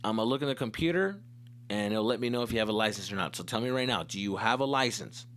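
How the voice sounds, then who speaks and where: A man voicing a stern adult police officer who questions in a flat, businesslike way. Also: on the low side, quick pace, slight background noise.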